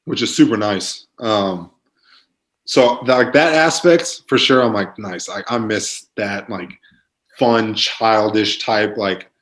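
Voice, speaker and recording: A man's voice: on the low side, slow pace, fairly bright tone. A young man in his twenties, a football player guest on a podcast, telling stories in a laid-back way with lots of fillers. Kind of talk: casual podcast chat.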